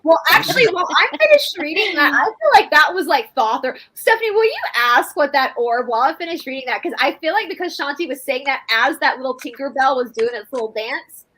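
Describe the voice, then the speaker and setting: A woman co-hosting a casual spiritual livestream, chatty and animated, joking and reading passages aloud. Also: high-pitched, fairly quick, hardly any pauses, poor audio. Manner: chatty, laughing, animated storyteller. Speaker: co-host.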